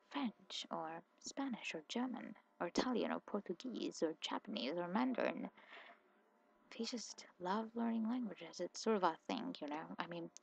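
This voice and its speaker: A sleepy woman from India with a mixed Indian, British and American accent, chatting softly in a rambling, quick, self-correcting way for a soft-spoken ASMR video. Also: on the low side, creaky. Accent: mixed Indian, British and American English. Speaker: ASMR creator.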